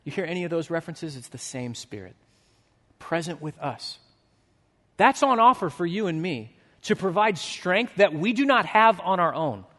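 Male pastor, 30s, high-pitched, storytelling sermon, swings between animated and hushed, big reverberant hall. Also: normal speed.

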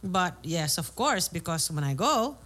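A woman on a podcast, chatting and telling stories in a lively way with free swearing. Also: on the low side, measured pace. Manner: lively storyteller, swears freely. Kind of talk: casual podcast chat, storytelling.

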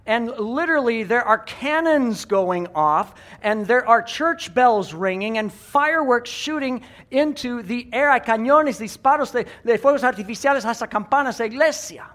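A man preaching as pastor to a congregation, animated, getting the room to make sound effects and then repeating each point in a second language. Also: extremely high pitch, moderate pace, few pauses. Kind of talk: bilingual sermon. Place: church sanctuary.

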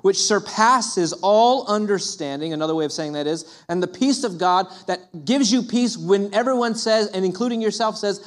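A man preaching a sermon as a pastor, animated, often acting out the voices of his listeners. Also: high voice, moderate pace, few pauses.

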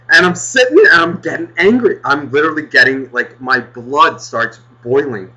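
A man's voice: a little high, expressive, moderate pace, bright, forceful tone, low-quality recording. A man telling a story in a casual, exasperated rant, swearing heavily as he goes. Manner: profane, exasperated, heavy swearing. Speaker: podcast co-host.

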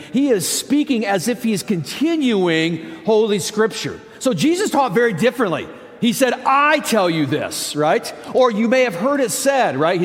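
Man, pastor, preaching, high voice, conversational and emphatic, long church-hall reverb. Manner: conversational, emphatic, with many asides. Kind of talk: sermon.

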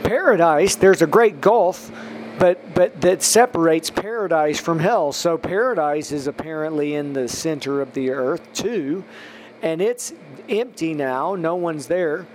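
A man's voice: fairly high pitch, unhurried, a little hiss or hum. A man hosting a religious podcast, preaching emphatically and then praying over a long list of listeners. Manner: emphatic, rising to stress points, then praying through a list. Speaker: podcast host.

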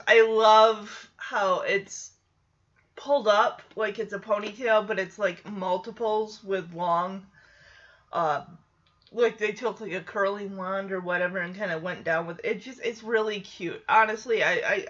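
Slow, bright-voiced woman recapping a show. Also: medium pitch, dull audio. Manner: chatty, laughs often, puts on voices for quoted lines. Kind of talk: casual recap commentary.

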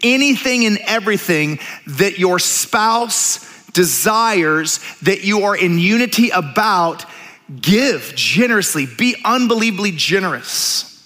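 A man preaching a sermon as pastor, telling stories with animated, jokey asides. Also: high voice, unhurried. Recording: reverberant church hall.

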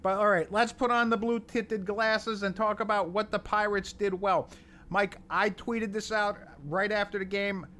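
High-pitched guy on a sports podcast, teasing his cohost, pretty hyped. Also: fairly even intonation, normal speed, bright, forceful tone, slight background noise. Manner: teasing, enthusiastic banter. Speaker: podcast co-host. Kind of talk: casual sports podcast chat.

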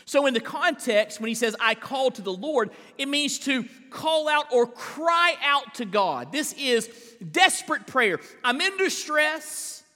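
A male pastor preaching a live sermon in a church, emphatic, with big swings in pitch and drawn-out stressed words. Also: bright, forceful tone, long reverb tail. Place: large church sanctuary.

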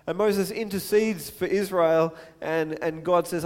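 A man with a fairly high voice preaches a sermon, his words trailing off into the long reverb of a large hall. He talks in a conversational way, pausing for asides and acting out the quoted lines. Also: a little mellow.

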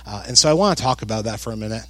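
Conversational joking pastor preaching a sermon. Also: male voice, on the low side, racing, no echo. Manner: conversational, joking, animated emphasis.

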